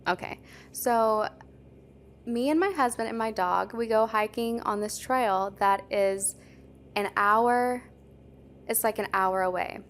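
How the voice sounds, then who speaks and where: A woman's voice: fairly high pitch, slow, slight background noise. A young adult woman, a podcast co-host, telling a story in casual chat, full of "like" fillers. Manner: chatty, lots of "like" fillers.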